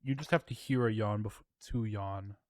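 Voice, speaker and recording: A player joins a tabletop session with quick, casual remarks and jokes. The voice sits in the middle range and sounds dry and close. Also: medium pitch, dry recording. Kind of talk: casual tabletop game chat.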